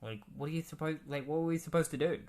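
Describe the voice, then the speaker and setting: A man's voice: fairly high pitch, fast talker, a little mellow, pitched above the performer's own voice, lightly acted. A hot-tempered young superhero protests, his voice raised and agitated, as a man puts him on while recapping a comic. He sounds indignant and worked up. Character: angry young male speedster hero, hot-tempered.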